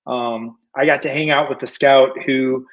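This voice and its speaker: A man's voice: mid-range voice, fairly even intonation, measured pace. Male host, casual interview, dull muffled sound, eager questions.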